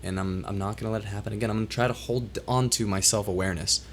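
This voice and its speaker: A man hosts a solo livestream and talks straight to his chat. His voice is worn and strained, still recovering after he lost it, and it carries emotion. He speaks haltingly and reflectively, often stopping to restart his sentences. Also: on the low side, fairly even intonation, a little hiss or hum. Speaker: livestream host.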